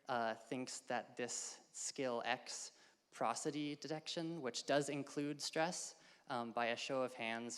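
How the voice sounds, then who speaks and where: A man's voice: mid-range voice, fairly bright tone, smooth, big-room sound. A man giving a casual academic slide talk to a live audience, with many ums and uhs. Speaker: workshop presenter. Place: lecture hall.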